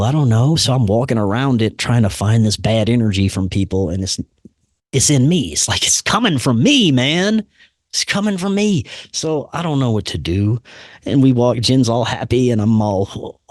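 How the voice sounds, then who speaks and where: A man telling a personal story in casual chat, laid-back and saying "man" and "dude" a lot, doing animated voices for the people he quotes. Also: medium pitch, normal speed, dry recording, clean studio sound.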